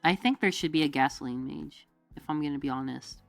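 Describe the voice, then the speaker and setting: A woman's voice: sits low, a little fast, creaky, faint music behind. A woman streamer in casual chat, rambling with many fillers and frequent laughs.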